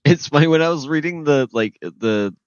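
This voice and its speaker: A man co-hosting a casual podcast chat, easygoing and quick to laugh along. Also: on the high side, expressive, clean tone, no echo, lo-fi sound. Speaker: podcast co-host.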